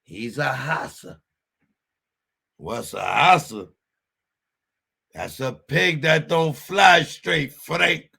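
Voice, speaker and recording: A scheming Italian-American mafia man, as a man puts him on, leaning in with conspiratorial, wheedling talk. The voice sits high and carries a gravelly rasp. He talks slowly and deliberately. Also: bright, forceful tone, exaggerated voice.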